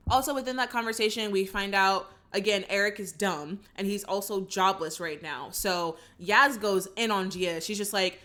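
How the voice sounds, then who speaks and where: Woman host, chatty film recap, bright voice, acts out lines. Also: mid-range voice, moderate pace, hardly any pauses. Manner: animated, acts out characters' lines; opinionated, chatty. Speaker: channel host. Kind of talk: casual movie reaction recap.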